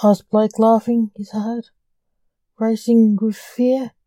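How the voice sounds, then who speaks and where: A woman hosting a podcast, reading a story aloud in a calm, measured way. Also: a little high, dry recording. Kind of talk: scripted story narration.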